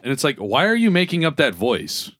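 A man's voice: medium pitch, huge pitch swings, a little fast, fairly bright tone, dry recording, clean studio sound. Profane, laughing man at a podcast mic. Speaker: podcast co-host. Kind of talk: casual chat.

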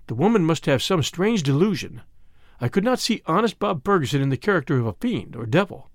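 A man reading a detective story aloud with expressive storytelling. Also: fairly high pitch, a little fast, no room sound, studio quality. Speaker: audiobook narrator. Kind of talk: scripted narration.

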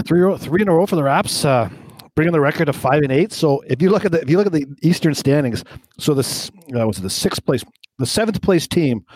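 A man co-hosts a sports podcast and speaks like an animated fan rattling off stats. His voice is dry and close, with no room sound behind it. He sits at a middle pitch. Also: no room sound. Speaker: podcast co-host. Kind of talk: casual sports podcast chat.

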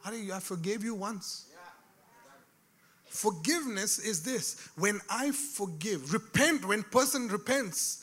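A man preaching a sermon, dropping to a hush and rising to shouts, calling out to his listeners. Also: sits high, animated, takes it slowly. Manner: swings from hushed to shouted, calls out to the crowd.

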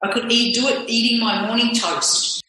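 Woman guest, candid talk, animated and profane, bright voice, very echoey room. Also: on the high side, normal speed. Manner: animated, profane, self-questioning. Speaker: interview guest. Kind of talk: candid conversational reflection.

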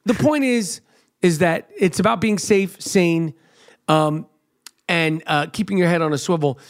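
A man's voice: high voice, unhurried. A man co-hosting a podcast, joking and teasing with profanity. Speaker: podcast co-host. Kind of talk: casual podcast chat.

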